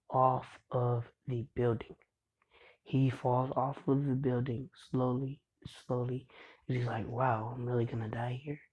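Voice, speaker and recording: A man's voice: medium pitch, darkish tone, husky, dull audio. A young man casually retelling a fan story in a rambling way, full of fillers and "he's like".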